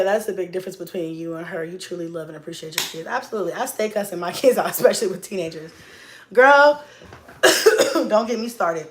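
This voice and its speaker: A woman's voice: fairly low pitch, reverberant. A woman in her thirties, a mom vlogger chatting casually, blunt and profane, talking back to critics. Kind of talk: casual livestream-style chat.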